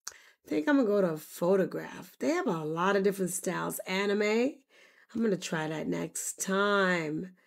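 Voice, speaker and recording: A woman demonstrating software in a casual tutorial, bubbly and quick to exclaim. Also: medium pitch, creaky. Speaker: content creator demonstrating software. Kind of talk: casual screen-recorded tutorial.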